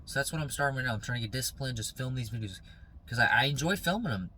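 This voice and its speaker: A man's voice: mid-range voice, expressive, very fast, bright, forceful tone, a little hiss or hum, rough recording. A young man talking casually and motivationally to his phone camera outdoors, rambling at times and then turning heated and preachy. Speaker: vlogger.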